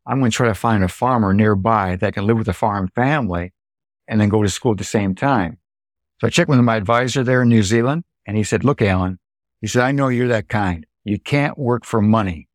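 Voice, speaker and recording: Speaking on the low side, a man in his seventies who farms dairy in Illinois, United States, shares life stories during an interview. He brings quoted dialogue to life by acting it out. The audio is dry and cleanly studio-recorded.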